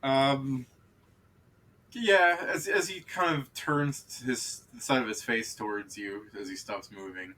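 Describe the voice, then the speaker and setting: A man's voice: mid-range voice, slow pace, sharp tone. A man running a tabletop game as game master, narrating loosely with fillers.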